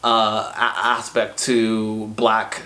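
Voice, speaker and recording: A man's voice: lowish voice, monotone, drawn-out words, bright, forceful tone. A man hosting a history video, talking casually with wry asides and words repeated for emphasis. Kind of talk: casual spoken commentary.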